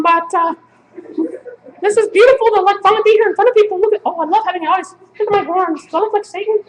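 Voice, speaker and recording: A woman doing a crude, joking, profane live poetry reading with banter at a coffee shop venue. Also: very high-pitched. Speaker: performance poet. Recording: echoey room, noisy live stream.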